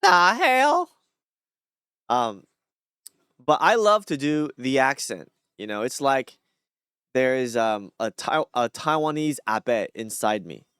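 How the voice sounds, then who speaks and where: A man's voice: medium pitch, a bit bright, clear, resonant tone, dry recording, studio quality. A man chatting casually on a live stream, rambling with many fillers and restarts.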